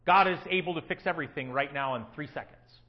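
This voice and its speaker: High-voiced man preaching a sermon. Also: fast, lo-fi sound. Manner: swings from hushed to loud and emphatic.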